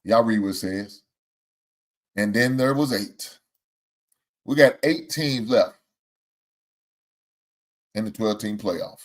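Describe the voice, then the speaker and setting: A man hosting a casual sports talk show, using Southern American slang and talking in an animated, exclamatory way with frequent laughs. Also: lowish voice, slow pace, long pauses. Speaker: host.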